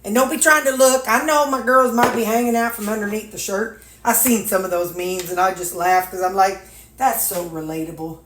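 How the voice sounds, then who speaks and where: A woman's voice: medium pitch, fairly even intonation, moderate pace, fairly bright tone, slight background noise. Older woman, homespun chatty vlogger talking to herself as she packs meals, echoey kitchen with dishes clattering. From Missouri, USA. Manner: folksy, chatty, talks to herself, drawling asides. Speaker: weight-loss vlogger. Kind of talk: casual chat while packing meals. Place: home kitchen.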